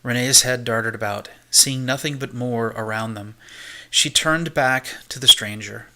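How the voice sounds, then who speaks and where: A man reading a science-fiction audiobook as an amateur narrator, in a steady, measured way. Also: mid-range voice.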